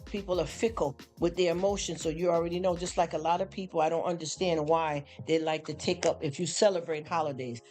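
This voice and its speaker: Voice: medium pitch, fairly even intonation, fairly quick, hardly any pauses, a little mellow. A live streamer, tired after a long work shift, rambling through a casual faith talk and often asking "you understand?". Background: faint background music.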